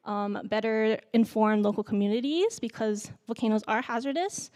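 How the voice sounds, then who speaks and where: A woman's voice: a little high, a little mellow, clean tone. Nervous young woman presenting. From Hawaii. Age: young adult. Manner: halting, many fillers. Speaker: student presenter. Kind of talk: symposium presentation.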